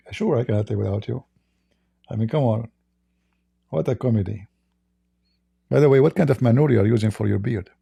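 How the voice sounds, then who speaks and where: A man's voice: mid-range voice, animated, fairly quick, creaky, pauses often, mellow, husky. A man with an Arabic accent hosting live-stream debate commentary, emphatic and full of rhetorical questions to his audience. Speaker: Christian apologist host.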